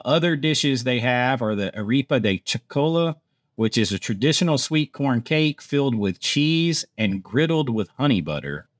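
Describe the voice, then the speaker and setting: A man's voice: mid-range voice, no echo, studio quality. A man from Georgia, a theme park vlogger chatting casually through food menus and laughing at himself as he stumbles over foreign words. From Georgia, USA. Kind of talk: casual menu rundown.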